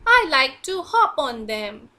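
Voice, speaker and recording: A woman's voice: sits high, big pitch swings, slow, sharp tone, full character voice. A woman voicing a fussy little male frog from a storybook, polite but complaining in a sing-song way.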